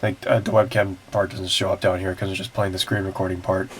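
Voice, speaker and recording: A man's voice: sits low, level tone, quick pace, husky. A man casually reacting to a video and answering viewer questions at home in a matter-of-fact, technical, rambling way. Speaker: siren-hobby video creator. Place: home, screen recording.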